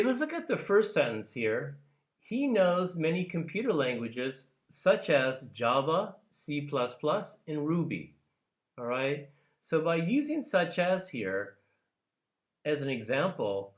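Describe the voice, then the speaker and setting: A man teaching a business English lesson for ESL learners. He explains slowly and keeps checking in with a quick "okay?". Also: on the high side. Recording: echoey room.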